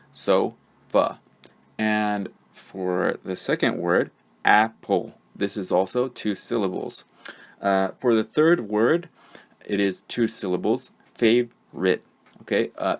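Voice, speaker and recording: A male English teacher walks through a pronunciation lesson at an unhurried pace. His voice sits low and has a gravelly edge. He repeats each word carefully and fills the gaps with patient ums and okays. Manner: patient, repeats words clearly with fillers.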